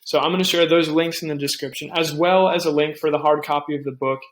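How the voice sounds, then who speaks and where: A young man hosting a casual tech tutorial, talking things through with asides and quick restarts. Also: on the high side, fairly even intonation, roomy sound. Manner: chatty, thinks aloud with restarts and asides. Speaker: tech tips host. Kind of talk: casual screen-recorded tutorial.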